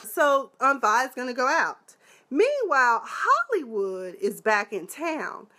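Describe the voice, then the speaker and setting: A woman reviewing a TV episode in a casual live chat, animated and sassy, with lots of exclamations. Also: high-pitched, slow, a little hiss or hum. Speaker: TV show reviewer.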